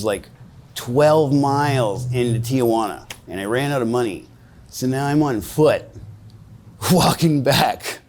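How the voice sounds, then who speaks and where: A man in his forties, stopped for a street interview, tells a rambling, profane story in a mid-range, darkish voice. It's casual storytelling, and he acts out the other people's voices.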